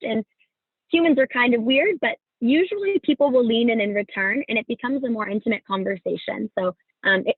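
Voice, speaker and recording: A woman's voice: fairly high pitch, no echo. A woman from California giving upbeat career advice in a virtual workshop over a video call, with plenty of fillers. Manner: upbeat, instructive, many fillers. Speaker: career fair presenter. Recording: dry tinny video-call audio.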